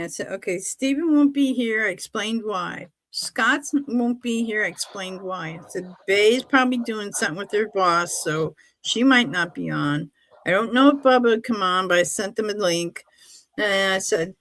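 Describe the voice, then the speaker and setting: A woman's voice: mid-range voice, a bit bright, dry recording. A woman hosting a livestream in casual chat, recounting to viewers what she told everyone earlier.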